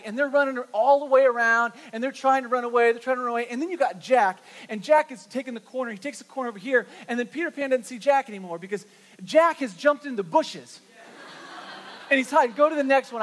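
A middle-aged man preaching a sermon, telling an animated story with lots of repeated words. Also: very high voice. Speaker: pastor. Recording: reverberant hall.

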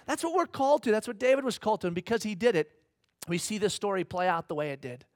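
A man's voice: high-pitched, animated, fast, no echo, studio quality. A man preaching a sermon to a congregation, acting out little dialogues and asking questions of his listeners. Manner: dynamic preaching, acts out dialogue in mock voices, asks the congregation questions. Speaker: pastor.

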